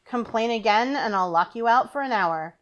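A woman's voice: a little high, lively intonation, moderate pace, close to an everyday voice. Dry storybook mother, firm and teasing, as a woman reads her. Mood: wry. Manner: wry, firm. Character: dry, wry mother and ship doctor.

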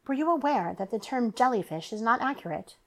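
Storybook android man, smooth and formal, a woman reading him. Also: fairly high pitch, animated, fairly quick, voice pushed up. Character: polite male synthetic officer, precise and formal.

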